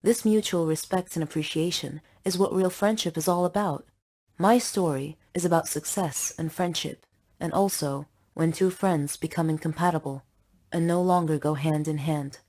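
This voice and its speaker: A young woman narrating her own story in a steady, earnest scripted read. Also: low-pitched, normal speed. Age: young adult.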